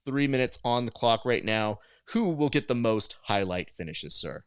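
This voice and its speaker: A man hosting a jiu-jitsu panel show, telling stories in an animated, self-mocking way. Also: mid-range voice, normal speed, smooth, no room sound, clean studio sound. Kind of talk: casual panel chat.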